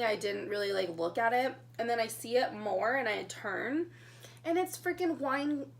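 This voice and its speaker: A young woman telling her engagement story in a casual storytime vlog, chatty and excitable, getting emotional as she talks. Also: a little high, gravelly, slight background noise. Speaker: vlogger.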